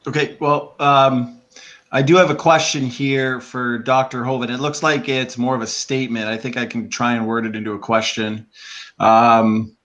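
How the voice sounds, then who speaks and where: A man's voice: medium pitch, level tone, normal speed, fairly bright tone, dull audio. A man moderating a debate, reading out audience questions with many hesitant ums.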